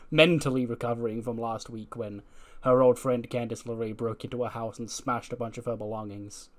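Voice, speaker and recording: A man giving casual, chatty let's-play commentary on a game, swearing now and then. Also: medium pitch. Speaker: gaming video creator.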